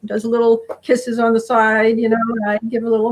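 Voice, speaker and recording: Talkative middle-aged woman, slightly high. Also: completely flat delivery, a little fast, poor audio. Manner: warm, rambling, voices her animals playfully. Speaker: guest speaker. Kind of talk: conversational interview answers.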